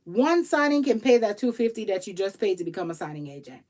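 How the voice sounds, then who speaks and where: A woman tax professional giving casual motivational advice to viewers, animated and pleading, acting out little quoted exchanges. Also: mid-range voice, fast. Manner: pleading, repeats herself for emphasis. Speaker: tax professional and business coach.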